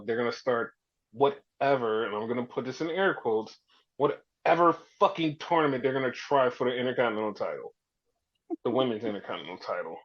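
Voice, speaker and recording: A man co-hosting a podcast, casually recapping wrestling and acting out quotes with big leaps in his voice. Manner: animated storytelling, heavy swearing, acts out quotes with big pitch jumps. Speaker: podcast co-host. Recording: dull lo-fi sound.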